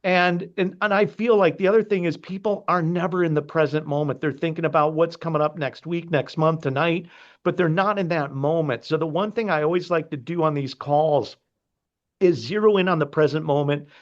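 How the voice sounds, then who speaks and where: A man's voice: fairly high pitch, brisk, lo-fi sound. A man hosting a podcast over a video call, earnest and effusive. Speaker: podcast host. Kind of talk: casual conversation.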